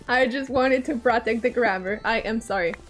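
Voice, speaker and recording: A woman's voice: on the high side, moderate pace, soft background music. A young adult woman streaming from home on a desk mic, chatting casually with her chat in a playful, teasing way, laughing often. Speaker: live streamer. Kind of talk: casual live-stream chat, reading chat aloud. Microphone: desk microphone.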